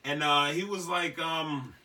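A man's voice: on the high side, unhurried, pushed and bright, distant mic. A young man hosting a casual podcast chat, telling a story in slang, laughing often and acting out what people said. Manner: laughing storyteller, slangy, acts out quoted voices. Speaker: podcast host.

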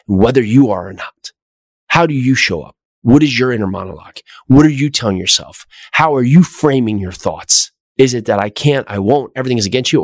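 A middle-aged man hosts a motivational podcast with a mid-range voice. He drives his points home with energetic repetition and rhetorical questions. The sound is dry and close, with little room echo. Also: mid-range voice, slightly rough. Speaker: podcast host.

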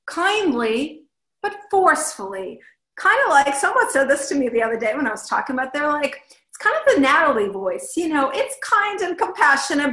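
A woman giving an animated motivational talk, acting out her own inner voice in little scenes. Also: sits high, roomy sound, low-quality recording. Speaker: host and speaker.

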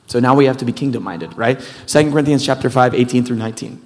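A man's voice: medium pitch, fast talker, long reverb tail. A male pastor preaching a sermon in a loose, casual way, with rambling, self-deprecating asides.

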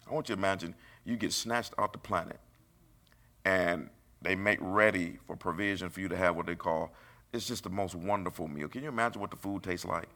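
A middle-aged man preaching a sermon, emphatic and rising into high bursts. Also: a little fast, sharp tone.

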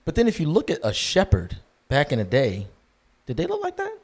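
A man talking earnestly about being called to ministry, halting often with ums and restarts. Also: fairly high pitch, wildly swooping pitch, slightly rough. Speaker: guest aspiring to ministry. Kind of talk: casual Christian discussion.

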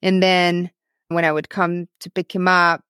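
A woman's voice: lowish voice, level tone, measured pace, fairly bright tone, smooth, no echo, studio quality. A woman from Ukraine, a guest in an interview, telling her faith story in an earnest, emotional way with many repetitions. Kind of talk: personal testimony in a podcast interview.

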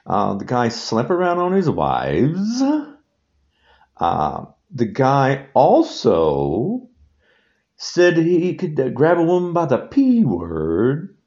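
Casting: male solo podcast host, indignant and repetitive, lively pitch, mellow dark tone. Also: slow, dull audio.

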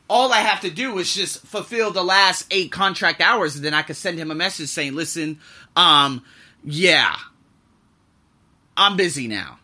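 A man's voice: a little high, sharp tone. A man who teaches English talks frankly in a rambling vlog monologue, exasperated and swearing freely.

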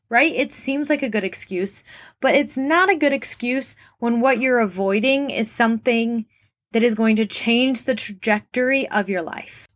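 A woman's voice: a little high, a bit bright. A young woman hosting a motivational podcast, talking straight to her listeners in an earnest, encouraging way with lots of questions. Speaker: podcast host.

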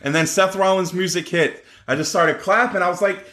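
A man co-hosting a casual wrestling chat show, animated and quick to break into excited exclamations. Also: roomy sound. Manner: animated, jumps into high-pitched exclamations. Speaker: wrestling podcast co-host.

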